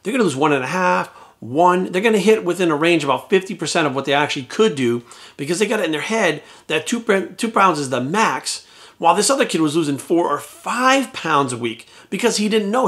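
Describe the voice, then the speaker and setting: A man, a fitness coach, telling a story in a casual monologue, blunt and full of swearing, and lively when he quotes people. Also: high voice, a little fast. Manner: animated when quoting others.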